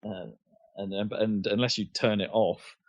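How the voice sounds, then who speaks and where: A man's voice: on the low side, steady tone, unhurried, no echo. Hesitant man on a lo-fi podcast. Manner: hesitant, many fillers and restarts. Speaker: podcast co-host. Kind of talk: casual chat. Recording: dull lo-fi podcast audio.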